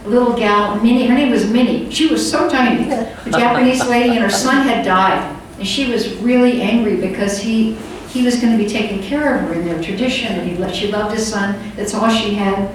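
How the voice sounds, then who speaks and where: An older woman giving a conference talk, telling stories in a loose, conversational way with many fillers. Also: fairly high pitch. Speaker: conference speaker. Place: conference hall. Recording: echoey hall from far off with faint room noise.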